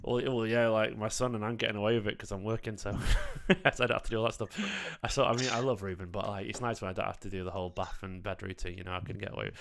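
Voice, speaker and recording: A man hosting a live fan stream, chatting casually and quickly with callers and viewers. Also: on the low side, fairly even intonation, fairly bright tone. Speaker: fan channel host. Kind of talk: live-stream football chat.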